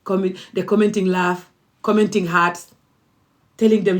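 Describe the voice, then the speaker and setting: A woman's voice: medium pitch, fairly even intonation, measured pace. A woman, speaking as an activist vlogger in an impassioned, emphatic and repetitive monologue.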